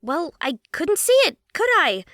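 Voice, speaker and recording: A man's voice: very high-pitched, sing-song, unhurried, pushed and bright, dry recording, clean studio sound, pitched above the performer's own voice, full character voice. A male audiobook narrator voicing a sardonic, competitive young woman gamer who grumbles and teases back. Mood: wry, grumbling. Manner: grumbling, wry.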